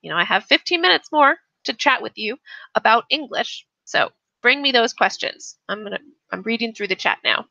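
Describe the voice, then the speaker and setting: A woman's voice: on the high side, lively intonation, moderate pace, gravelly, bright, forceful tone, dry recording, dull audio. A woman teaching English on a casual live stream, chatting and reading the chat aloud, often restarting her sentences.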